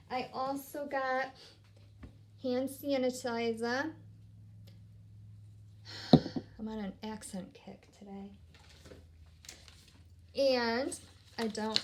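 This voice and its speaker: Woman, casual unboxing vlog, rambling, unhurried, fairly high voice, at home. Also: background noise. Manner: chatty, rambling, trails off and restarts mid-sentence; bubbly and upbeat. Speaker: vlogger.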